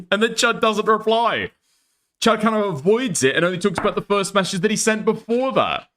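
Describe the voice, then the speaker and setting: A man's voice: high-pitched, lively intonation, brisk, fairly bright tone. Blunt, profane male streamer. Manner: blunt, profane, repeats "okay?". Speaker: streamer commentator. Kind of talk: casual reaction commentary.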